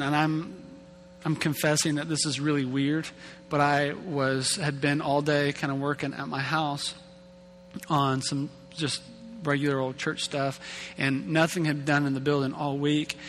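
Higher-voiced male pastor in an echoing hall. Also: level tone, measured pace, fairly bright tone. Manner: casual, self-deprecating, repeats and restarts words. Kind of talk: conversational sermon. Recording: long hall reverb with faint hum.

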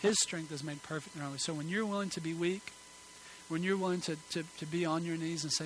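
A man in his thirties or forties preaching a sermon in a church, emphatic at times and softly pleading at others. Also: fairly high pitch, fairly even intonation, fast, a little hiss or hum, poor audio. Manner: earnest, emphatic preaching that drops to soft pleading. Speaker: pastor. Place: church sanctuary.

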